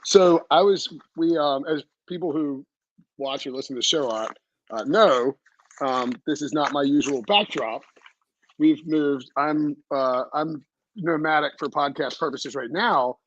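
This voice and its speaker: A man hosting a podcast in casual chat, rambling and energetic, with lots of fillers and restarts. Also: a little high, a little slow, dull audio. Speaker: podcast host. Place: home setup away from his usual room.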